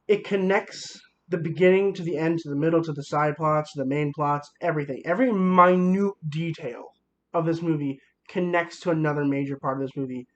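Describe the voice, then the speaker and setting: A man's voice: fairly high pitch, lo-fi sound. Rambling young man reviewing a movie. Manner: enthusiastic, rambling with fillers.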